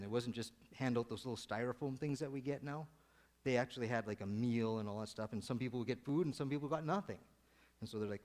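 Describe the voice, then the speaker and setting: A man giving a casual, joking sermon to his congregation, rambling and conversational. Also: medium pitch. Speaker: lay preacher. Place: church sanctuary. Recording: long church hall reverb.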